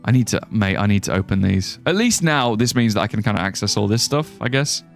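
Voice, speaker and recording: A man's voice: lowish voice, animated, brisk, creaky, soft background music. A young man chatting casually while he streams a game, rambling, joking and reading viewer messages aloud. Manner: chatty, rambling, reads chat aloud and jokes. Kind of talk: casual live-stream gameplay commentary.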